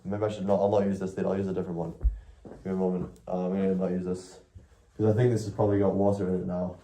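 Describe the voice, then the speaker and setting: Rambling young male streamer, lowish voice. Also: little pitch movement, fast, mellow, a little hiss or hum. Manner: rambling and self-correcting, with frequent swearing. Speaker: IRL streamer. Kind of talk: casual live-stream chat.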